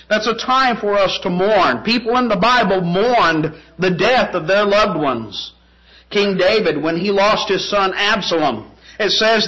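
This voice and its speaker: A man's voice: sits high, sharp tone, low-quality recording. A man preaching a sermon, emphatic, with rhetorical questions and repeated phrases.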